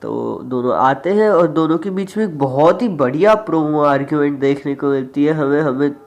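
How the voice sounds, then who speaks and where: A man's voice: fairly high pitch, racing. A young man with an Indian accent and a slight cold, rambling chattily through a casual wrestling review vlog as its host. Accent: Indian English. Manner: chatty and rambling, often trailing off.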